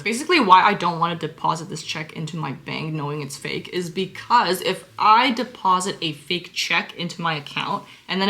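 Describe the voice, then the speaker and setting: A young woman in her twenties telling a casual storytime vlog, animated and exasperated, swearing often and dropping into whispered asides. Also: fairly low pitch.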